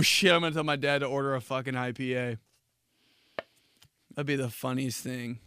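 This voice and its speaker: In a studio-quality recording without room sound, a young man's smooth, medium-pitched voice moves at a moderate pace. As a podcast host, he tells profane, animated stories in a casual comedic monologue, laughing frequently.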